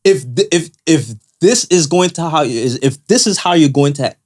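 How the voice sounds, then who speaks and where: A man's voice: a little high, lively intonation, moderate pace, darkish tone. A man co-hosting a casual podcast chat, earnestly working through his points with frequent restarts. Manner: earnest, repeats words as he builds a point. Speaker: podcast co-host.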